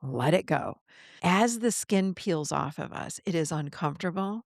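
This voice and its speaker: A woman's voice: fairly low pitch, lively intonation, unhurried, gravelly, dry recording, studio quality. A woman guest on a podcast interview, talking earnestly in a coaching manner and acting out the voices of the people she quotes.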